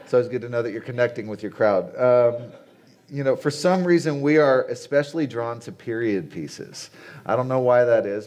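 A conference speaker in his late forties, his voice low and a little mellow, preaches conversationally at the venue. He keeps it chatty, throwing rhetorical questions at the crowd.

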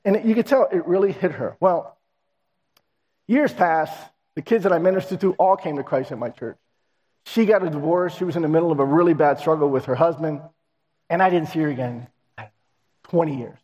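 A male pastor telling a story in a sermon, animated and acting out the dialogue. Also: on the high side, fairly quick. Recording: reverberant hall.

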